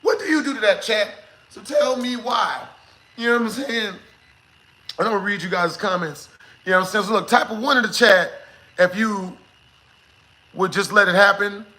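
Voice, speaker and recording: A young man talks to his live chat in a high, bright voice. He rambles animatedly through a story, circling back with filler asides and breaking into laughter. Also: normal speed, long pauses, rough recording. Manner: laughs while telling. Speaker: live streamer.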